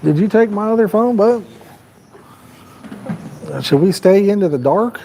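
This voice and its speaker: A man hosting a fishing livestream from the edge of a park pond, talking loosely and rambling to his chat. His voice sits a little high but sounds mellow and relaxed. A faint outdoor hiss runs underneath. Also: a little slow, poor audio. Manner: rambling, chatty, talks to viewers in the chat. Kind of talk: casual live-stream chat.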